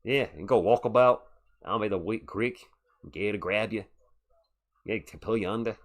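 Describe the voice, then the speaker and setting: A man's voice: medium pitch, fairly even intonation, rapid-fire, fairly bright tone, natural voice. A man doing a hammy Aussie croc hunter. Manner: hammy, jokey outback slang. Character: rugged outback crocodile hunter man, Australian accent.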